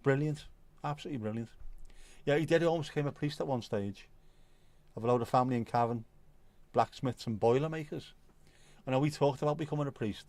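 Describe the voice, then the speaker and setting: A man's voice: medium pitch, fast talker, a little mellow, no room sound. A middle-aged man, hosting a livestream in casual chat, laughing and swearing often as he talks. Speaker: livestream host. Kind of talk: casual chat reading viewer comments.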